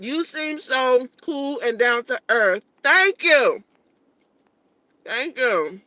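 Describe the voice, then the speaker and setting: A woman's voice: sits high, expressive, extremely slow, pushed and bright, dry recording. A woman in her late thirties hosting a casual livestream, eating and talking with her mouth full, blunt and profane. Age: 30s. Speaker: livestream host.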